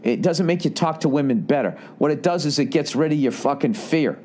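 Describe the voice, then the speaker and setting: A middle-aged man giving blunt, profane advice on a comedy podcast, shifting into higher voices to act out little scenes. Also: brisk, a little mellow, slight background noise. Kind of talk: casual comedic advice rant.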